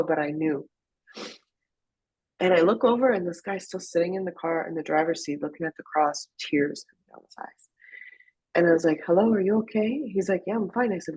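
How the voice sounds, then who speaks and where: A woman's voice: lowish voice, breathy edge, rough recording. A young woman from Afghanistan telling her personal testimony as a guest, emotional and slipping into whispers when she quotes herself.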